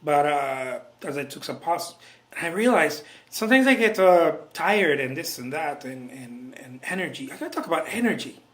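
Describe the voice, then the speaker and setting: A male painter vlogs to camera from his indoor art studio late at night, keeping his slightly high voice hushed. He rambles casually at a moderate pace with lively intonation, chuckling often and full of restarts, asides and self-interruptions. The studio has a clear, ringing echo.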